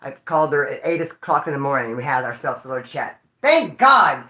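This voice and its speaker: Hosting a livestream while grieving, a man talks to his chat in a sing-song, medium-pitched voice that runs a little fast with a sharp tone. The room sounds open. His manner is casual, slangy and emotional, and he calls viewers dude and homeboy.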